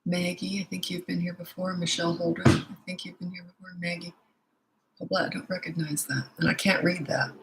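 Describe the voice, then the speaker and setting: Speaking from home on a live stream, a parenting coach in her sixties chats casually, reading viewers' comments aloud and rambling in between. Her lowish voice is brisk with little pitch movement, and heavy background noise fills the recording.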